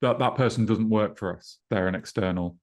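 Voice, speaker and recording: A man's voice: lowish voice, fairly quick, a little mellow. A man co-hosting a casual podcast, chatting and teasing his co-host in a dry way.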